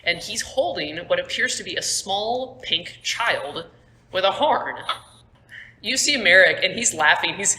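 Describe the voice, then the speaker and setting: A woman's voice: medium pitch, lively intonation, measured pace, pushed and bright. A young woman running a tabletop game as game master, narrating casually with lots of fillers. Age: young adult. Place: school room. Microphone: phone on table. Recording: echoey room, phone mic.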